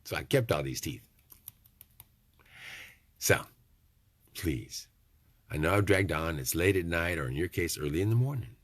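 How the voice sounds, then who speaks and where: A man's voice: low voice, animated, a little slow, pauses often, no room sound. A middle-aged man, rambling in a folksy, preachy vlog monologue with joking asides. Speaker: vlogger.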